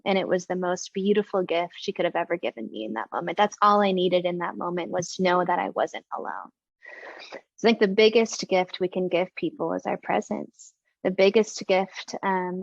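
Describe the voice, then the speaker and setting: A young woman speaking as a podcast guest, soft and earnest, reflecting with gentle pauses. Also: fairly low pitch, creaky, no room sound. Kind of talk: reflective conversation. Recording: slightly dull lo-fi sound.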